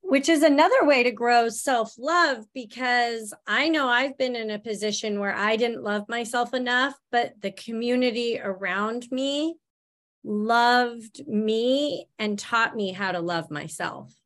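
A woman hosting a podcast, asking questions and affirming her guest in a gentle, slow manner. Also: a little high. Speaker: podcast host. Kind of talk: interview podcast.

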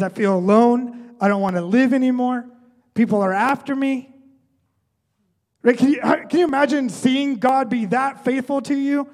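Pastor guy, pretty high voice, chatty sermon, lots of "right?", big echoey church hall. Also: a little mellow. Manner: conversational, often adds "right?".

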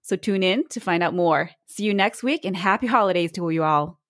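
A woman's voice: fairly low pitch, brisk, fairly bright tone, no echo, clean studio sound. A woman co-hosting a podcast in casual chat, chiming in with short remarks and signing off. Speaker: podcast co-host.

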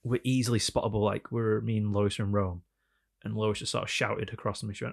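A man with a Northern English accent in casual podcast chat, telling animated stories. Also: lowish voice, a little fast, creaky. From Northern England. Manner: animated storyteller, slips into mock voices. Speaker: podcast co-host.

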